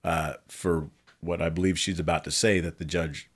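A man's voice: sits low, fairly even intonation, normal speed, husky. A man, a pastor, talking earnestly in a casual chat and adding details to a shared story. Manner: earnest, adds details, prayerful. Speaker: pastor, co-host.

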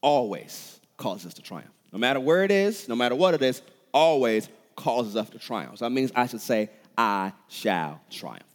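A man preaching a sermon as pastor, with impassioned delivery that builds to shouted peaks. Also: mid-range voice, lively intonation, normal speed, few pauses, in a large hall.

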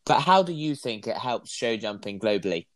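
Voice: medium pitch, big pitch swings, moderate pace, no room sound. A podcast co-host asking the guest direct questions. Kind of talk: interview questions.

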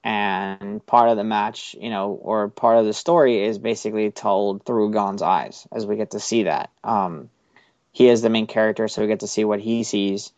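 A young man with a lowish voice hosts a chatty podcast, rambling loosely through a recap and swearing now and then. The sound is dry and a little dull, with no room behind it. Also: steady tone, moderate pace, a little mellow, no room sound. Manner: rambling, loose, swears casually, many fillers. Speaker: podcast host. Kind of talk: casual chat recapping an anime episode.

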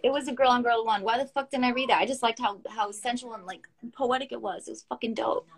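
A woman in her thirties hosting a poetry show in casual chat, excitable, slangy and swearing freely. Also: a little high, fast, vocal fry, slightly rough. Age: 30s.

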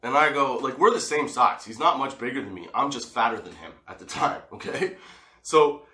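A man tells a personal story to his viewers in casual, swearing, animated talk. His voice has a bright edge. The sound rings off the walls of an echoey room. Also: mid-range voice, moderate pace. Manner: profane, animated, laughs often, talks straight to the viewer. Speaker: vlogger.

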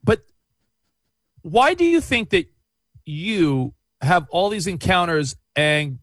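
A man in casual chat, calmly asking probing questions. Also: high-pitched, takes it slowly, dry recording.

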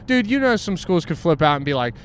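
A man's voice: on the high side, fast talker, clear, resonant tone. A man in casual podcast chat, reacting to a friend's story and adding his own view. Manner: relaxed, reacting and backing the story.

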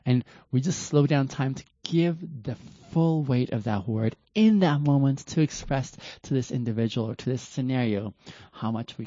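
A man hosting a reflective livestream talk, speaking slowly and earnestly, often pausing and restarting his sentences. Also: medium pitch, mellow, no echo, dull audio. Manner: slow, deliberate, earnest, with many restarts. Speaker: host of a self-reflection talk.

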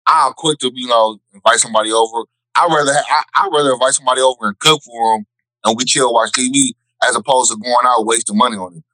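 A man's voice: medium pitch, fairly even intonation, fast talker, pushed and bright, dry recording, rough recording. A man giving his earnest opinion in a casual group chat, restarting his sentences.

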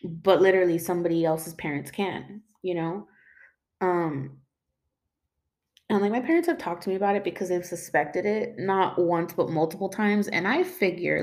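A woman's voice: fairly low pitch, moderate pace, darkish tone. A young woman speaking mixed in, telling a personal story in a rambling, casual way many fillers and emotional moments.

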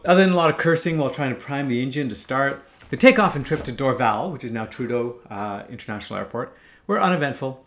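A man's voice: medium pitch, gravelly, a bit bright. A man in his fifties from Canada, telling a first-person story in a wry, casual way, swearing freely. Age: 50s.

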